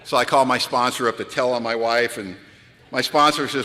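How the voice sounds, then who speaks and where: Bright-voiced man telling stories in a hall. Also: mid-range voice, a little fast, a little hiss or hum. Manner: animated, self-mocking storyteller. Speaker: recovery meeting speaker. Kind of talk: storytelling talk at a retreat. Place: large event hall. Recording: long hall reverb from a large venue.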